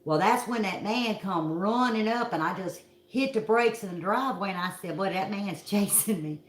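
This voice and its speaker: A woman's voice: medium pitch, normal speed, echoey room. A middle-aged woman from Kentucky with a Southern accent, telling a story to her viewers in a folksy, dramatic way. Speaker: vlog host.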